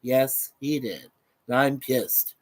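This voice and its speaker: A man talks loosely to his live stream audience, his voice sitting at an ordinary middle pitch. He rambles, restarts his sentences and leans on fillers as he reads viewer comments aloud and answers them. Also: slow, low-quality recording. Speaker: live stream host reading chat. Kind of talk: casual live stream chat.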